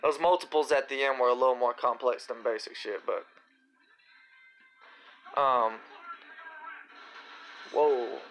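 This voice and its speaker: A man's voice: mid-range voice, takes it slowly, long pauses, faint music behind, poor audio. A young man hosting a live Q&A, talking casually and with slang about his own raps. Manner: relaxed, slangy, reciting his own rap lines. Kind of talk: casual livestream chat.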